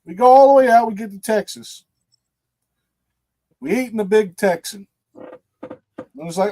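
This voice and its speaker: Animated high-voiced male storyteller. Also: normal speed, long pauses. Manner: animated storyteller, acts out quotes. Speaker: podcast co-host. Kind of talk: casual storytelling chat.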